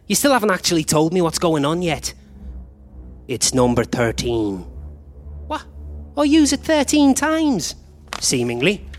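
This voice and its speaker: A man acts out a flustered time traveller from a live stage comedy, speaking. His voice sits a little high and swings up and down with lively energy. He bickers in quick, confused exchanges. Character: flustered male time traveller meeting copies of himself. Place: theatre stage, recorded live.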